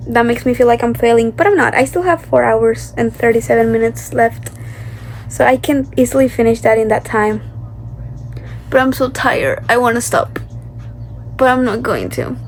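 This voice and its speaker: A young woman giving a casual, rambling vlog update about her reading, chatty and excitable but sleepy. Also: on the high side, moderate pace, a little hiss or hum. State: sleepy and tired. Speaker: book vlogger.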